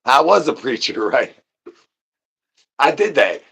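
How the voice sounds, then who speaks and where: A man's voice: medium pitch, big pitch swings, gravelly, fairly bright tone, husky. Man with a mid-range voice for an absurd comic rant, rambling sing-song nonsense with doubled words. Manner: drawn-out chanted catchphrases.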